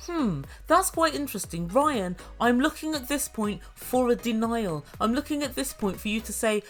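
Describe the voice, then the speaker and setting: Woman reviewer, slightly high voice, dry sarcastic comedy recap, faint music behind. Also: expressive, normal speed. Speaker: show reviewer.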